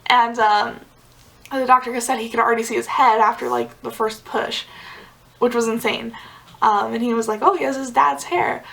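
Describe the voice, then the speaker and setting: A woman's voice: on the high side, fairly even intonation, moderate pace, creaky, a bit bright, poor audio. A young woman vlogger telling a personal story in a casual, chatty way, full of "like" fillers and small laughs. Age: young adult. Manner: chatty, many "like" fillers, giggly asides.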